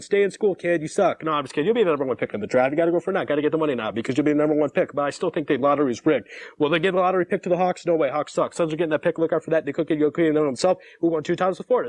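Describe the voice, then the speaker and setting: A man's voice: a little high, darkish tone. A man in his twenties hosting a call-in show, ranting in a rambling, opinionated way. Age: 20s. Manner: opinionated, rambling, self-interrupting. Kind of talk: casual rambling rant.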